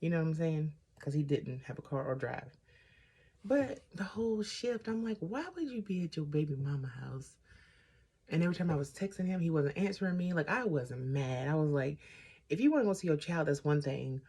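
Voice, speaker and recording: A woman's voice: sits low, lively intonation, moderate pace, warm tone, slightly rough. A woman vlogger chatting through a casual storytime while doing her makeup, getting sidetracked and animatedly retelling what people said.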